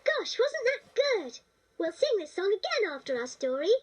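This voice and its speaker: Brief: cheerful British little-girl doll, sing-song storybook narrator, squeaky-high. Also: sing-song, normal speed, recorded from a distance, low-quality recording. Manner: sing-song, sweet and coaxing.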